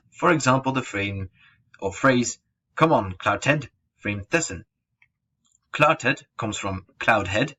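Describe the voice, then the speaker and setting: Husky-voiced young man reading a slideshow talk. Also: on the low side, a bit bright. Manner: reads steadily from a script, with occasional stumbles. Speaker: student presenter. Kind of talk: read-aloud slideshow presentation. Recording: dull lo-fi home recording.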